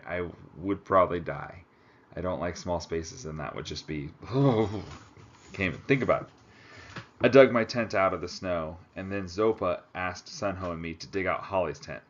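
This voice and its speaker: Low voiced guy reading a book out loud, chatty little asides, muffled lo-fi sound. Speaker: audiobook reader. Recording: slightly muffled lo-fi recording.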